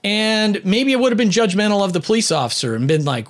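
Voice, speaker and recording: A man's voice: high-pitched, expressive, quick pace, few pauses. A man talking about leadership and personality in a casual storytelling monologue, with lots of "you know" fillers and light chuckles. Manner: conversational, many "you know" fillers, chuckles while telling.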